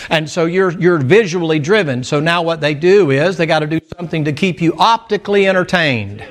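A man's voice: on the high side, a bit bright. A middle-aged male pastor from the American mountains, preaching a sermon in a folksy, storytelling way with humorous asides. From American mountain region.

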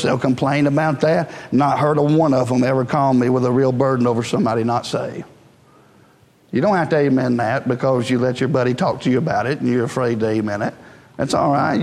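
A man's voice: medium pitch, a little mellow, in a large hall. A pastor preaching a sermon in a blunt, folksy, self-deprecating way, joking with his congregation. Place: church sanctuary.

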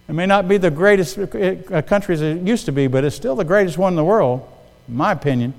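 Middle-aged male pastor, fairly high voice, storytelling sermon delivery with call-and-response, long church reverb. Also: normal speed, creaky, pauses often, a little mellow. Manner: storytelling preacher, asks the congregation for amens. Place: church sanctuary.

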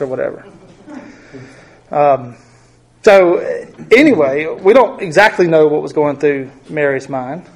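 A man's voice: a little high, sing-song, a little slow, breathy edge. A middle-aged man teaching a Bible study in a conversational way, often asking his group questions.

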